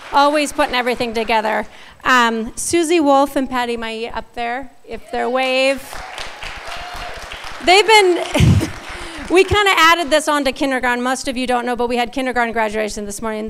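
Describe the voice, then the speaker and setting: A woman's voice: fairly high pitch, vocal fry, fairly bright tone, a little hiss or hum. A woman thanking helpers at a school ceremony in a casual, thankful way. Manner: casual, thankful, many fillers. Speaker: school organizer. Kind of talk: ceremony thank-you speech.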